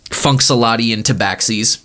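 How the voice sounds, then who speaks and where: A man's voice: mid-range voice, normal speed, pushed and bright. A man narrating a tabletop game as game master, loose and casual with many fillers.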